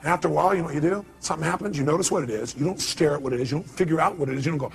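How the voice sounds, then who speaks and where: A man giving a motivational seminar talk who acts out scenes, swinging between loud emphatic bursts and low quiet asides. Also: rapid-fire, vocal fry, few pauses. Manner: acts out scenes with sound effects and quoted voices. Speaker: motivational speaker.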